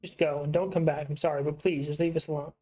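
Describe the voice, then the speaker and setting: A man's voice: on the high side, steady tone, fast talker, dark tone, natural voice. A man voicing a guarded, tired single mother while reading game dialogue aloud. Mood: curt.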